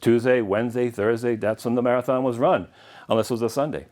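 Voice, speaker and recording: A man's voice: mid-range voice, quick pace, darkish tone. A middle-aged man giving a casual history lecture, chatting through anecdotes and chuckling now and then. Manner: chatty and anecdotal, chuckling at his own stories. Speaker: lecturer and longtime marathon runner.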